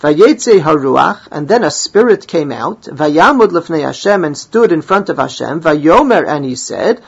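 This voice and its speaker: Male Talmud teacher, husky voice, dull lo-fi recording, reads the text aloud and explains it line by line. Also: on the high side, very animated, a little slow. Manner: reads Hebrew and Aramaic phrases, then explains them in English. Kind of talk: Talmud class, translating and explaining.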